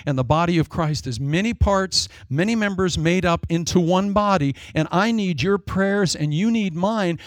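Male preacher, gravelly voice, dry close sound, dramatic storyteller who slips into character voices. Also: on the high side, no room sound. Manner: dramatic, acts out demons and people in quick asides. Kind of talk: sermon.

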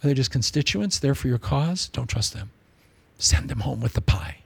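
A man's voice: medium pitch, normal speed, vocal fry, breathy edge, dry recording. A man preaching a sermon in a humorous, conversational way, often repeating himself for emphasis. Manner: animated, humorous, conversational, with repetitions. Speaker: pastor.

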